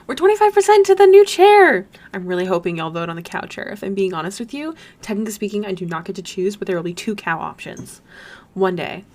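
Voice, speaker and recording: A woman's voice: on the low side, quick pace. A young woman chatting casually on a live stream while she draws, bubbly and gushing. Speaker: streamer and artist.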